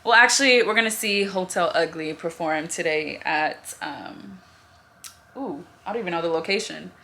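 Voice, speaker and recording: A woman's voice: fairly low pitch, moderate pace, creaky. Chatty young woman vlogging from her car. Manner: chatty, animated storytelling. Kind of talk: casual vlog to camera.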